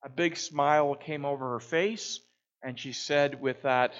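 A man telling a personal story in a reflective talk, unhurried and pausing often with "uh". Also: medium pitch, fairly even intonation, a bit bright, muffled recording. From Canada. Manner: unhurried, with frequent "uh" pauses. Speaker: speaker.

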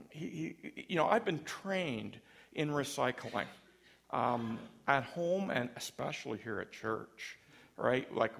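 Raspy-voiced preacher, joking and conversational. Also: male voice, mid-range voice, fairly bright tone. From Canada. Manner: conversational, self-deprecating humor. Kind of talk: sermon. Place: church.

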